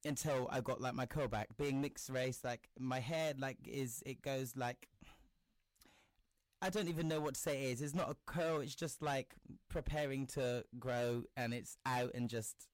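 A young man tells a story in casual chat. His voice sits at a middle pitch and he slips into other people's voices as he quotes them. His talk is loose and full of swearing. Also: moderate pace.

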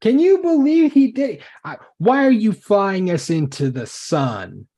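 A man voicing an excitable ship computer that calls out from a screen in shrill, accusing outbursts. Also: measured pace, husky, heavily acted.

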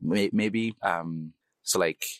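Interviewee: young man from Nigeria, slight Nigerian accent, very low voice, dry close sound, thoughtful and hedging. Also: takes it slowly, no room sound. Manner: reflective, hedging, laughs easily. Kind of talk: casual interview.

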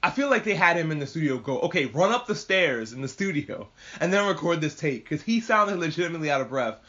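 Guy ranting about an episode, swears a lot, laughs a lot, kinda high bright voice, muffled cheap audio. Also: quick pace. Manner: profane, laughs often, lively retelling. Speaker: podcast host reviewing anime. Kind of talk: casual spoken review. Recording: dull lo-fi audio.

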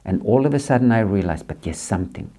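A man's voice: lowish voice, lively intonation, fast talker, warm tone. A man hosting a podcast, speaking earnestly and repetitively in a reflective, faith-based monologue aimed straight at the listener. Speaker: podcast host.

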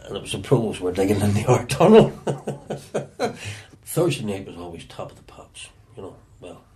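A Northern Irish man telling stories from his past in an interview, often halting and repeating words as he searches for them. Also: fairly low pitch, big pitch swings, mellow. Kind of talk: reflective storytelling.

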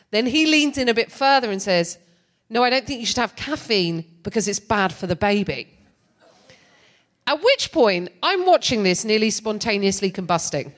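A woman in middle age doing stand-up on a big theatre stage. Her delivery is sardonic and lively, and she laughs between lines as she tells her story into a stage microphone. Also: mid-range voice. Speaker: comedian.

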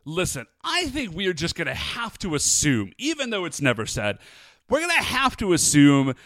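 A podcast co-host with a slightly high voice speaks at normal speed in clean, echo-free studio sound. He recaps a TV episode in animated, chatty fashion, peppering it with "like" and "uh."

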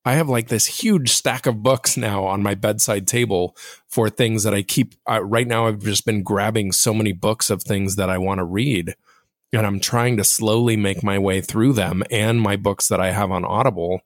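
Fairly monotone man hosting a podcast. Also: fairly low pitch, normal speed, no echo, studio quality. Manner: reflective, self-deprecating, speaks straight to listeners. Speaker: podcast host. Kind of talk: casual solo podcast monologue.

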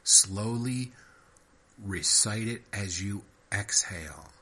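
A man voicing a pushy woman who coaches in positive-thinking slogans, pitching his voice up and louder. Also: animated, slow, breathy edge, heavily acted. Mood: coaching, insistent. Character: pushy upbeat woman full of self-help talk.

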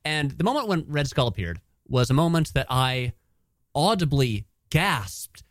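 Man with a lively, swooping voice, dry sound. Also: fairly high pitch, measured pace, dry recording. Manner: hesitant, restarts, then emphatic. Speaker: podcast co-host. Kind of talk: casual chat about films.

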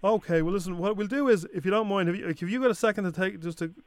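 An Irish man on a radio show, chatting fast and playing a fussy casting agent in a prank call. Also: sits high, no room sound.

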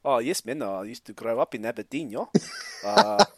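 A man's voice: mid-range voice, big pitch swings, normal speed, gravelly, no room sound, clean studio sound. A man putting on a South African accent, playing a jokey young man and laughing as he drawls. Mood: playful. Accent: put-on South African.

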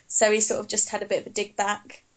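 A woman's voice: medium pitch, monotone, fast talker. A woman guesting on a podcast, amused and hesitant, with many ums. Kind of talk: casual chat.

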